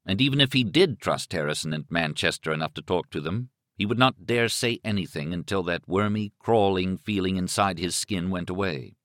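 Deep-voiced male audiobook narrator. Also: fairly bright tone, dry recording, studio quality. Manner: measured, suspenseful storytelling. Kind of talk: scripted narration.

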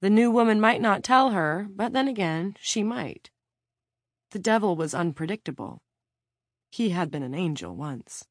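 A woman narrating a novel as an audiobook reader, in a steady, measured reading. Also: mid-range voice, dry recording, clean studio sound. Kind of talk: scripted narration.

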